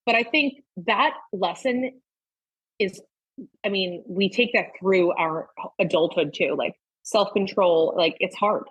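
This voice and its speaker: A woman's voice: mid-range voice, slow pace, breathy edge, no room sound, lo-fi sound. A woman in her thirties, a mother guesting on a podcast, chatting candidly and swearing freely. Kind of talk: casual chat.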